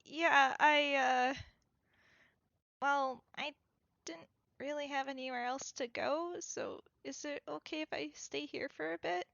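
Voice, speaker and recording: A shaken young rat man stammers out his words, timid and hesitant, pitched a little higher than the woman who plays him normally talks. The sound is dull and lo-fi, close and dry, with no room around it. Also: fairly even intonation, vocal fry, no echo, exaggerated voice. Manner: hesitant, halting, soft-spoken.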